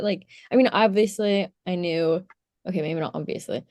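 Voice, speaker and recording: A woman's voice: fairly low pitch, normal speed, darkish tone, no echo, studio quality. A young woman co-hosting a podcast, chatting in a bubbly way and laughing often. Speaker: podcast co-host, youth leader. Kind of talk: casual chat. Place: home, on a call.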